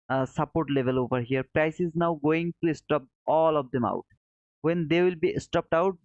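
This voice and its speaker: A man's voice: a little high, no room sound. A man hosting a live trading stream, walking viewers through charts, reading chat and calling them brother. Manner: friendly, calls viewers brother, thinks aloud while charting. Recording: dull lo-fi dry sound.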